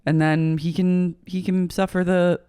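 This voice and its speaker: A podcast co-host in casual chat, recapping a TV episode with animated, profane, jokey banter. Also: mid-range voice, unhurried, clean tone, dry recording, studio quality.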